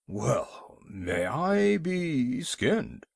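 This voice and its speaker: A man voicing a grumpy, pompous old male walrus in a storybook reading, with a low gruff grumble. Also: big pitch swings, very slow, dry recording, clean studio sound, full character voice. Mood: indignant.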